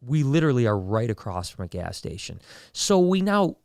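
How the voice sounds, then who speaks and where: A man's voice: medium pitch, brisk, gravelly, no echo. A man at a podcast mic tells a story with casual energy, tripping over repeated "and, and" as he builds it up. The mid-range voice sits close and dry, with no room sound. He slips into other people's voices whenever he quotes them. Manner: animated storyteller with frequent restarts, acting out quoted voices. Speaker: podcast host.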